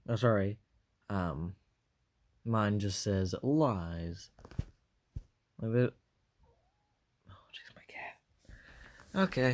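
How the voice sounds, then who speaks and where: Slow, low-voiced man rambling through a story. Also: darkish tone, slight background noise. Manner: hesitant, many fillers and self-corrections. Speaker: fan storyteller. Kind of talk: casual rambling retelling.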